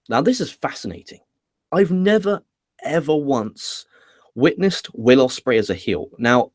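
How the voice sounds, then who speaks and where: A man's voice: mid-range voice, darkish tone, no room sound, clean studio sound. Chatty man reviewing wrestling. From England. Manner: chatty, swears casually, frequent restarts. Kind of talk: casual spoken review.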